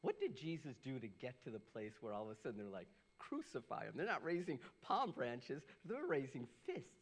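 A middle-aged man, a pastor, preaching a sermon, animated and swinging from loud bursts to hushed lows. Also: fairly quick, slightly rough.

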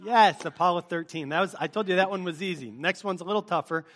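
Man, pastor, sermon, joking and chatty, high voice, crowd game. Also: fast talker, a bit bright. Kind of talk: sermon opening with a movie-quote game. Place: church service before a live congregation.

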